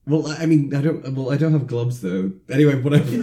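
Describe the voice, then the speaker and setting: A man's voice: on the high side, steady tone, moderate pace, warm tone. A man casually recapping a film, rambling with lots of fillers.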